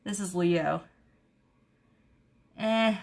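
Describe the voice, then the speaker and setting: A woman, hosting a casual live stream and telling stories in an animated, chatty way. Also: on the low side, drawn-out words, vocal fry. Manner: chatty, animated storytelling with laughs. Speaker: beauty vlogger host. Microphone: camera mic on a live stream.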